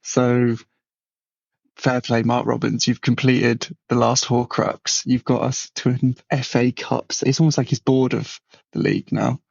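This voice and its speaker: Gravelly guy telling wry stories on a podcast, slightly muffled dry mic. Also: medium pitch, a little slow, no echo. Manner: animated, mocking anecdotes with acted quotes. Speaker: podcast co-host. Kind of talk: casual storytelling chat.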